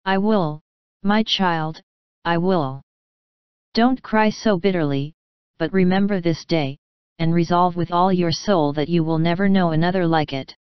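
A woman voicing a gentle, wise middle-aged mother who speaks calmly and tenderly in a storybook reading. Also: fairly low pitch, unhurried, smooth, no room sound, dull audio, lightly acted. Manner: calm, tender, reassuring.

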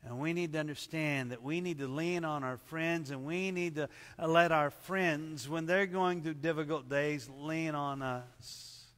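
A man preaching at a church service, earnest and measured, his voice sitting a bit high for a man. He often drops into soft, low tones to drive a point home, and a long reverb trails every phrase. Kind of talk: sermon.

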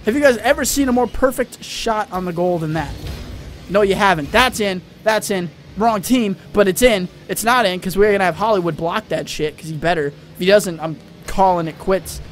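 High-voiced hyper young gaming guy. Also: moderate pace, soft background music. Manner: hyper, rambling, yells at teammates. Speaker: gaming channel host. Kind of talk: excitable let's-play commentary.

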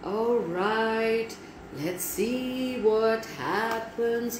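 Slow, animated woman storyteller. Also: medium pitch. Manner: animated, talks to listeners directly. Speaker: children's storyteller. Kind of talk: storytelling for children. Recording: echoey room, faint background noise.

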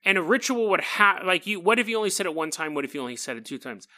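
Animated, joking man hosting a podcast. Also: high voice, fast. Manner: animated, joking, self-mocking. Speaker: podcast host. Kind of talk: casual podcast monologue.

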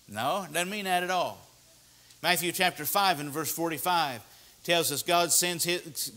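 A man's voice: high voice, bright, forceful tone. A man preaching a sermon in a church, earnest and repetitive, asking his listeners questions. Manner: earnest, repeats key words, asks the audience questions.

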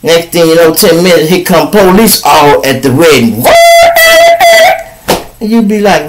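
Man from chicago, podcast host, casual profane commentary, animated, fairly high voice. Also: measured pace, pauses often, loud music behind the voice, rough recording. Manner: animated, profane, acts out quoted people in raised voices.

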